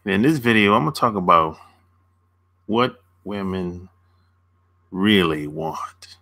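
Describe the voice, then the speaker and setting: Slow-talking laid-back male dating coach. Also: low-pitched, pushed and bright. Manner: laid-back, chuckles often, answers chat by name. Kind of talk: casual livestream chat with viewers.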